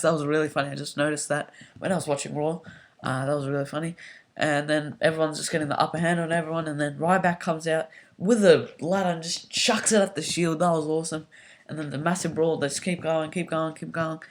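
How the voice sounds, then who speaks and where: A young man giving a rambling, casual spoken review full of fillers and restarts. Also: fairly high pitch. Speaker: wrestling show reviewer.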